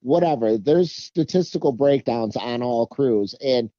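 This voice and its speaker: A man co-hosting a casual sports podcast, explaining his points in a measured way. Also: medium pitch, lively intonation, dark tone, no echo. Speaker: podcast co-host. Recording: dull, muffled mic.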